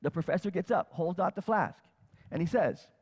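A man's voice: high-pitched, normal speed, breathy edge, big-room sound. A man telling stories in a sermon, acting out the people he quotes as he tells them. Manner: animated retelling that acts out quoted speakers. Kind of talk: storytelling sermon.

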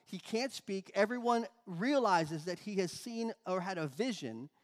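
Male preacher, high voice, emphatic teaching delivery, long reverb. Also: expressive. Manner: explanatory, emphatic, pauses and restarts. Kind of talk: sermon.

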